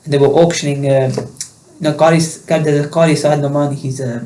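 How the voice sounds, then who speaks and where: A man's voice: a little high, fairly even intonation, fairly quick, mellow. A man hosting a casual chat, eager and chatty as he shares his own experience. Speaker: host.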